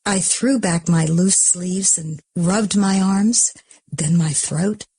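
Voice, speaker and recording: An audiobook narrator reads in a husky, breathy, mellow voice pitched low, often slipping into a half-whisper. She reads slowly, and the sound is dry and close with no room sound.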